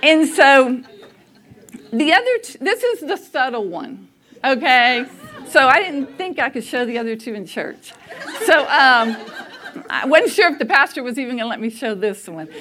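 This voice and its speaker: A middle-aged woman, telling a family story to a church audience, animated and often laughing as she acts out what people said. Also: fairly high pitch.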